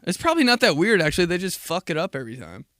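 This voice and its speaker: A man's voice: sits high, big pitch swings, racing, fairly bright tone, no echo, clean studio sound. Profane, rambling young man hosting a podcast. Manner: rambling, profane, laughing at own stories. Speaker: podcast host. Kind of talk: casual solo podcast monologue.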